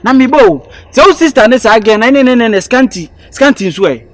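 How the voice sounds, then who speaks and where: A man's voice: very high voice, expressive, fast, no echo. A man acting in a comedy sketch, teasing playfully and mixing English with Twi.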